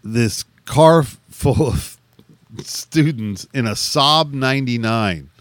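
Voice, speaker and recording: A middle-aged man telling a rowdy story in casual chat, animated, swearing freely and laughing often. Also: medium pitch, slow pace, dry recording.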